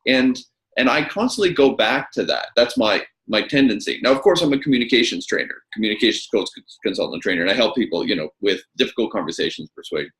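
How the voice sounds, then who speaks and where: Emphatic man with lively pitch. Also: quick pace, echoey room, low-quality recording. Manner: emphatic, repeats words when starting a thought. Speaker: interviewer and communications coach. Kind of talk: animated conversational interview.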